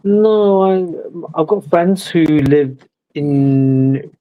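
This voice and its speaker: A man's voice: a little high, drawn-out words, dull audio. A man chatting casually as a guest, curious and asking probing questions. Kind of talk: casual chat.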